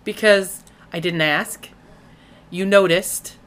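A woman's voice: on the low side, steady tone, slow, a bit bright. A woman in her forties co-hosting a casual home podcast, teasing her husband and laughing often. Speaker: podcast co-host. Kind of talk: casual chat.

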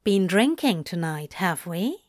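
A woman's voice: lowish voice, big pitch swings, a little mellow, dry recording. A woman doing a dry, plummy male angel. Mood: wry. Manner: polite, sighing, measured. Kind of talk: reading a story aloud.

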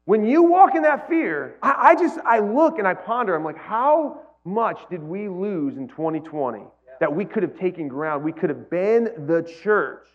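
A man's voice: high voice, animated, moderate pace, dull audio. A male pastor giving a sermon, talking casually with the congregation and rising to emphatic peaks. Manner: conversational preaching, builds to emphatic peaks.

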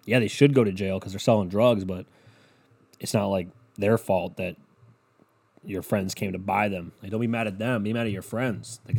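A man talking casually and alone, rambling and swearing, often trailing off into a mumble. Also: on the low side. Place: home room with a barking dog.

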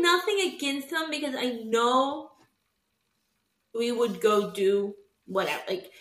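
Podcast co-host, twenties, woman, high-ish voice, candid and lively, roomy sound. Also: slow pace. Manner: candid, laughing, animated storytelling with quoted voices. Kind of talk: casual chat. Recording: echoey room.

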